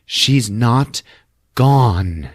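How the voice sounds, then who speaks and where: A man's voice: mid-range voice, lively intonation, extremely slow, no echo, studio quality, voice pushed up. A man doing a pushy, coaxing older woman. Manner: coaxing, insistent.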